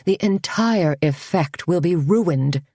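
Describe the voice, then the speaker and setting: Haughty boutique owner, caustic, huffy, curt, voiced by a woman reader, low and slow, storybook. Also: darkish tone, breathy edge, dry recording, heavily acted.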